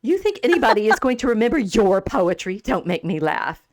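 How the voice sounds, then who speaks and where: A woman voicing a haughty, wealthy high-society woman who mocks a poet, in a scornful, dismissive way. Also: sing-song, a little fast, no room sound, studio quality, lightly acted.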